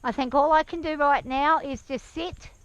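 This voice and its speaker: An anxious woman talking to camera while on horseback outdoors, hesitant and soft-spoken, speaking gently to her horse, recorded on a worn action camera. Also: sits high, steady tone, moderate pace, dry recording, lo-fi sound. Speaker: nervous horse rider. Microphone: action camera worn by the rider.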